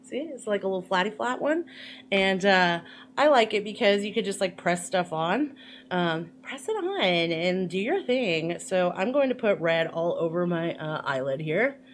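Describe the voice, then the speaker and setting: A woman's voice: medium pitch, very animated, normal speed, slight background noise. Rambling, giggly woman doing makeup. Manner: rambling, giggly, lots of fillers and playful asides. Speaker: makeup vlogger. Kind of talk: casual chatty makeup tutorial.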